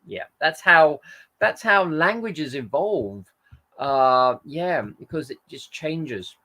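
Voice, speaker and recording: Male host, chatty and rambling, very animated pitch. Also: takes it slowly. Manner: rambling, loses his thread and corrects himself. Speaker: channel host. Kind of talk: casual live-stream chat reading viewer comments.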